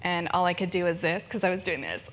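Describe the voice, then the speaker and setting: A woman's voice: on the low side, fast, fairly bright tone. Candid woman telling a story on stage. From Ontario, Canada. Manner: candid, self-deprecating, laughs often. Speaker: fundraiser speaker. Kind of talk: personal story talk. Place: event stage with audience.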